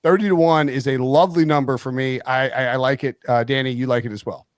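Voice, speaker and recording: A man hosting a live sports betting stream, talking in a rambling, animated way and often cutting himself off. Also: mid-range voice, quick pace, dry recording, clean studio sound. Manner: rambling, animated, self-interrupting. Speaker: host.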